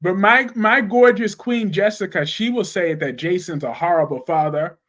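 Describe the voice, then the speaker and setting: A young man hosting a casual live chat about soap operas, blunt and animated, answering viewer comments with slang. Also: high voice, normal speed.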